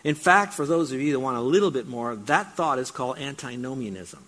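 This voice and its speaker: A man's voice: mid-range voice, animated, brisk, fairly bright tone. A male pastor preaching a sermon, emphatic, breaking into mocking raised-voice asides.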